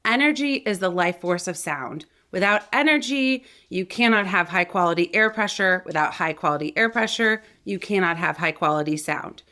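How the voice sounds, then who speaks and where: Energetic woman voice coach teaching. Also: lowish voice, normal speed, hardly any pauses. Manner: energetic, demonstrative, varies loudness to show technique. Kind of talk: instructional video lesson.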